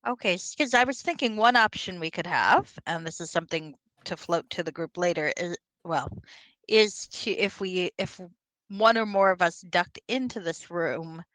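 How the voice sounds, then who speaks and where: A woman in a tabletop game thinks her plans through out loud over an online call, stopping and restarting her sentences as she goes. Her voice sits fairly low, and the sound is dry and close. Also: moderate pace, no room sound, poor audio. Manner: thinking aloud, hesitant, many restarts. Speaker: player.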